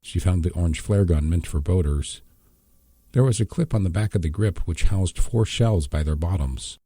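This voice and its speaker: Deep-voiced man, measured audiobook reader, dark husky tone. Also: lively intonation, no room sound, clean studio sound. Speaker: audiobook narrator. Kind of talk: scripted narration.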